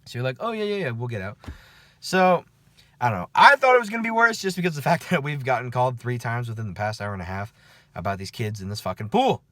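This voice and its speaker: A man recounting his night-shift security work in a loose, chatty vlog. He swears freely and keeps tossing in "okay?" and "right?" to check in with the listener. His voice sits at an ordinary pitch and sounds close and dry, with no room around it. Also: lively intonation, quick pace, bright, forceful tone, dry recording. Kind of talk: casual after-work storytelling vlog.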